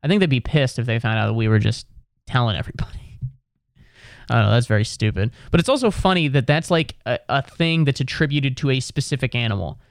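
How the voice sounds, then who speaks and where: A man's voice: medium pitch, animated, brisk, vocal fry, no echo. Exasperated man riffing stand-up, profane, dry mic. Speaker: comedian. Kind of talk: stand-up comedy monologue.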